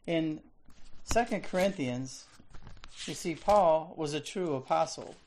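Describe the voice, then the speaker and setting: A man's voice: fairly high pitch, a little mellow. A man preaching a sermon, reading scripture aloud and explaining it. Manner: slow, deliberate delivery.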